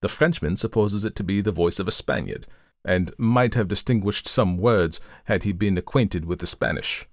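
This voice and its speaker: A man voicing a calm, methodical male detective who reasons aloud in a measured, lecturing way, in an audiobook reading. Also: sits low, no room sound, studio quality. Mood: reasoning.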